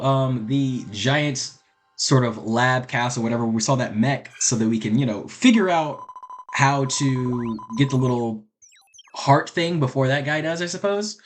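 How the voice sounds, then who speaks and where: A man's voice: medium pitch, lively intonation, normal speed. A young man casually commenting on a game he streams, crude and joking as he rambles.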